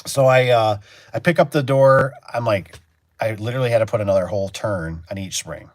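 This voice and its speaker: A man's voice: fairly low pitch, brisk, no room sound. A man working as a garage door technician, chatting in a rambling, storytelling way on a casual livestream and acting out his own reactions.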